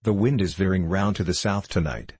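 A man reading a story aloud in a measured, even narration with a husky voice. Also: sits low, no echo. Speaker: audiobook narrator. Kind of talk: scripted narration.

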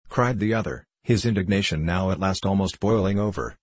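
A man narrates a classic novel in a measured, steady way. His voice is deep and husky, and the recording is dry and close with no room sound. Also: dry recording. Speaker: audiobook narrator. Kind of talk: scripted narration.

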